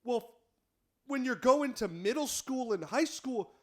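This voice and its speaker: A man's voice: very high-pitched, lively intonation, unhurried, a bit bright. A young man co-hosting a podcast, talking in a casual, rambling way with lots of filler words. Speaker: podcast co-host. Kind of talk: casual chat.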